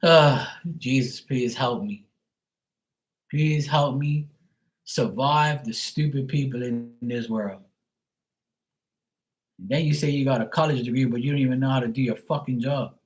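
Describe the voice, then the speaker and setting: On a live stream, a Bermudian man rants with a medium-pitched voice that moves a little slowly, broken by long pauses. He swears often, sounds exasperated and keeps restarting his sentences, all captured on a low-quality recording.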